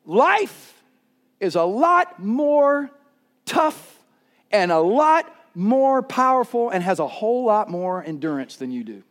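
A middle-aged man preaching a sermon, telling stories with lively energy and bursts of shouting. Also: high voice, slow pace. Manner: animated storytelling, shouts during anecdotes. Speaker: pastor.

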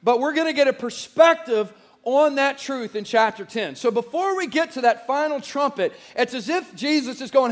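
A male pastor preaching in a church, his voice strained, hoarse and squeaky from days of shouting. He speaks at a strikingly high pitch and keeps the congregation engaged with lively call-and-response. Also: normal speed. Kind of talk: sermon. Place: church sanctuary.

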